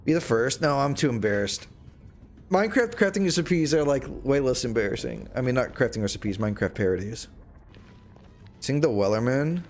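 A man's voice: medium pitch, expressive, normal speed. A man chatting casually to his viewers on a live gaming stream, rambling and joking as he plays. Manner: rambling, jokey, talking to chat while playing.

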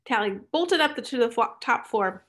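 A woman narrating an audiobook in a measured way, dropping to a hush in tense moments. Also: on the high side, expressive. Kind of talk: scripted narration.

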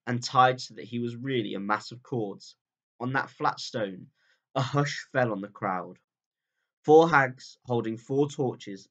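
Man calmly reading a storybook aloud. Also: muffled recording. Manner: calm, steady storytelling that drops low at sentence ends. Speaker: teacher reading to pupils. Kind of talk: reading a chapter book aloud.

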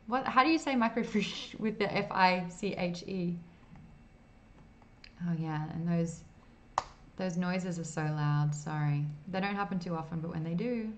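A woman's voice: fairly low pitch, a little slow, slight background noise. A woman streamer in her thirties, playfully reading game dialogue aloud while playing, putting on voices and adding asides.

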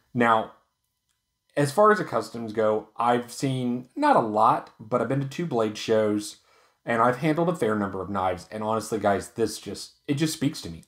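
A man hosting a casual product review vlog, talking in a relaxed, chatty way with frequent ums and uhs. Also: fairly low pitch. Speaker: knife reviewer and channel host.

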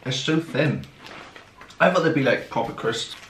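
A man's voice: mid-range voice, lively intonation, moderate pace, fairly bright tone, slight background noise. A young man with a Northern Irish accent, joking casually while tasting snacks at home. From Northern Ireland. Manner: laid-back, joking. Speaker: vlogger's partner. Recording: echoey room, mic at a distance.

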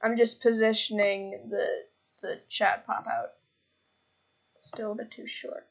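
A woman's voice: medium pitch, little pitch movement, a little slow, muffled recording. A woman streaming live in casual chat, goofy and giggly, dragging out a silly catchphrase.

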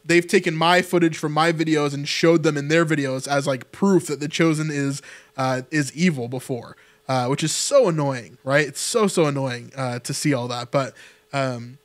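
A man hosting his own channel, commenting casually on an interview clip, talking loosely with lots of fillers and repeated words. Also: a little high. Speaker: channel host.

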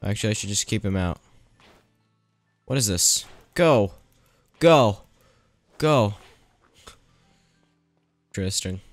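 A man with a fairly low voice comments on his playthrough unhurriedly, pausing often, over soft background music with no room sound. His let's-play commentary is casual: he thinks out loud and mocks the game's characters.

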